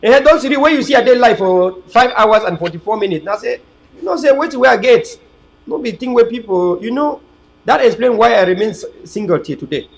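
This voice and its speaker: A man's voice: very high-pitched, expressive, fairly quick, gravelly, poor audio. A man, hosting an online political channel in a rambling, preachy, emphatic livestream monologue to his viewers.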